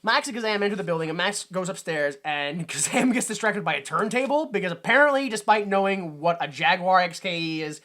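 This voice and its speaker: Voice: medium pitch, expressive, brisk, hardly any pauses, bright, forceful tone. A podcast co-host chatting casually as they recap a film, rambling and packed with fillers, with a wry edge. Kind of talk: casual chat.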